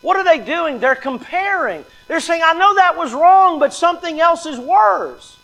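A man with a notably high voice delivers a sermon from the pulpit. He drives his points home by repeating them and briefly acts out the excuses he describes. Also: animated, normal speed, bright, forceful tone, rough recording. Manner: emphatic, repeats key lines, acts out quoted excuses. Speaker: pastor.

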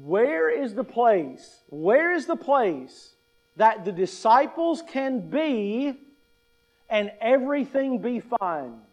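High-voiced, slow-preaching man. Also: big pitch swings, muffled recording. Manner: deliberate, repeats key phrases, asks rhetorical questions. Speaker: pastor. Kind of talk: sermon.

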